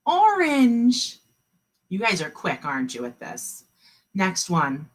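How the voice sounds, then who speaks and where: A woman teaching a kindergarten class online, encouraging the children and sounding out words slowly. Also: low voice, lively intonation, pushed and bright, slightly rough.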